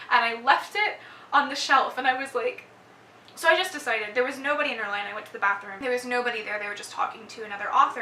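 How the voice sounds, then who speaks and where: Young Texan woman, gushing chatty storyteller, higher voice; roomy, distant sound. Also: bright, forceful tone, a little hiss or hum. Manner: gushing, lots of "like" and laughs. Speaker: book vlogger. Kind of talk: casual storytelling recap.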